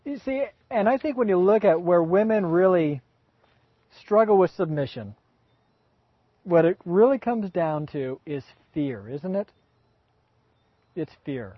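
High-voiced man preaching a folksy sermon. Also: lively intonation, unhurried, long pauses, no echo, highs cut off. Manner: folksy, emphatic, with rhetorical questions.

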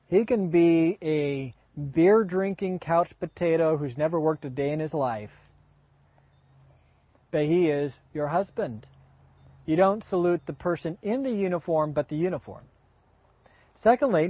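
A man's voice: on the high side, breathy edge, no echo. A man preaching a folksy, emphatic sermon full of rhetorical questions, in a dull, dry recording.

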